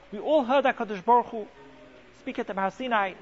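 A man's voice: very high-pitched, brisk. A man teaching a Torah class as a rabbi, asking rhetorical questions and dropping sarcastic asides. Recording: muffled lo-fi recording with faint hiss.

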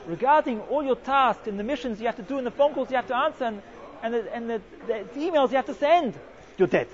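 A man giving an animated Torah talk full of Hebrew and Yiddish terms, telling a story and acting out its quotes. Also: extremely high pitch, fast talker, a faint crowd. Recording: dull lo-fi sound.

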